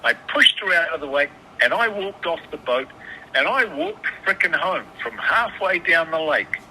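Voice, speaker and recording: A man's voice: on the high side, lively intonation, normal speed, sharp tone. Agitated swearing man on a phone. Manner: swears often, stammers and restarts. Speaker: caller. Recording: phone line with background noise.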